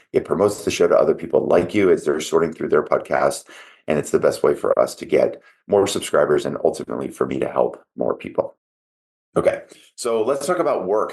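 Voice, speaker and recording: Very deep-voiced man hosting a podcast. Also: a little mellow. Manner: conversational, self-coaching tone with asides. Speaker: podcast host. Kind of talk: solo podcast monologue.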